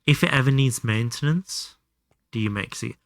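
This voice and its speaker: A man's voice: mid-range voice, normal speed, creaky, dry recording, clean studio sound. A young man chatting casually and thinking aloud while streaming a game, swearing freely. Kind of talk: casual live gameplay commentary.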